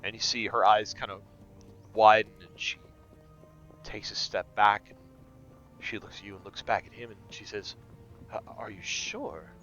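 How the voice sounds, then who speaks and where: A man's voice: lowish voice, flat delivery, normal speed, pauses often, a bit bright, faint music behind. A man narrating a tabletop game as game master, rambling with many fillers. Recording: dull lo-fi recording.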